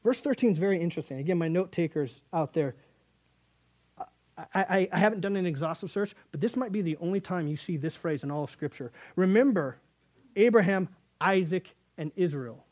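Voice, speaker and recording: Male preacher with a high voice; lively, conversational sermon delivery that acts out the scripture dialogue. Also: fairly quick. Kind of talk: sermon reading and explaining scripture.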